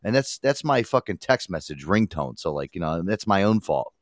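A man's voice: low-pitched, very animated, normal speed, no echo, clean studio sound. A man hosting a podcast, chatting casually in a rambling way, swearing and repeating himself. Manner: rambling, profane, repeats words. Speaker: podcast host. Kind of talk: casual chat.

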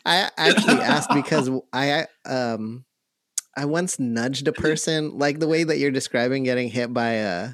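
A man's voice: mid-range voice, unhurried, fairly bright tone, no room sound, clean studio sound. A man co-hosting a podcast, playful and joking, chatting casually. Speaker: podcast co-host. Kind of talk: casual chat.

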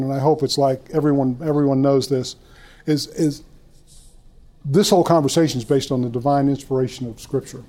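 An older man teaches a church group in a loose, storytelling way, doubling back and repeating himself as he goes. His voice is mellow and warm and sits a little higher than most men's. He talks to the room like a friend joking with his audience. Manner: folksy, rambling, self-deprecating, repeats words. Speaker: speaker at a church conference. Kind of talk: informal teaching talk with stories.

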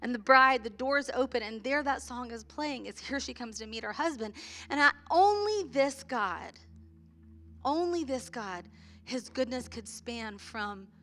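A woman in her thirties leading a church worship service, talking in a heartfelt, halting way with many restarts. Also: a little high, pushed and bright. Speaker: worship leader. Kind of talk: sermon-style worship talk.

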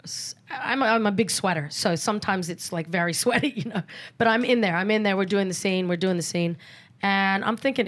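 A woman's voice: lowish voice, a little fast. Woman, middle-aged, candid podcast guest, casual frank chat. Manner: candid and frank, acts out quoted exchanges.

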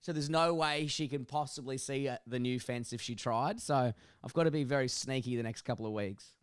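A man's voice: medium pitch, a little fast, clean tone, dry recording, studio quality. A man co-hosting a casual podcast, telling stories with lots of swearing. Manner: animated storyteller, swears freely. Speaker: podcast co-host.

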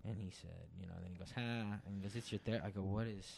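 A man's voice: deep voice, fast, creaky. A man co-hosting a podcast in casual chat, telling profane stories and acting out what other people said. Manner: profane animated storytelling, acting out quotes. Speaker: podcast co-host.

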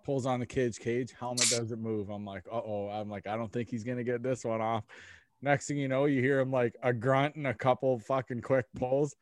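A man's voice: medium pitch, normal speed, a little hiss or hum. A young man telling rowdy hockey stories among friends, swearing often and acting out what people said. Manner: profane, animated storytelling with quoted voices. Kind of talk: casual chat.

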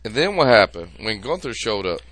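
Brief: man, podcast guest, bright voice, lively pitch, pushy questions, dry sound. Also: fairly quick, no room sound. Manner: prodding, keeps asking questions to steer the talk. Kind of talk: casual chat.

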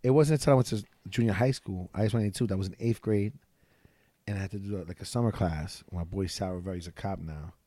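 A man's voice: low voice, quick pace, mellow, no echo. A young man hosting a podcast, bantering casually and calling his guest "bro". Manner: loose slangy banter, lots of "bro" and "yo". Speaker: podcast host. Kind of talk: casual chat.

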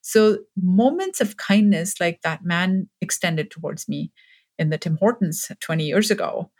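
A woman in her forties speaks as a podcast guest, her voice sitting very low for a woman. She talks earnestly and with feeling, and her conviction builds as she presses her points. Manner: earnest, grows more emphatic and impassioned. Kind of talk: personal storytelling in an interview.

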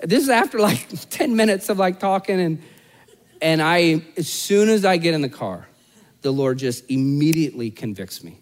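A pastor delivers a sermon in a relaxed, chatty way, poking fun at himself as he tells a story. His voice sits high for a man. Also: normal speed. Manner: conversational storytelling with self-deprecating humor.

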